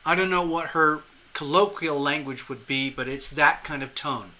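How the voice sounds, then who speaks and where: A man reading tarot live for a viewer, talking in a rambling, animated way with frequent restarts and chuckles. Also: on the high side, moderate pace, few pauses. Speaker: tarot reader hosting a live stream.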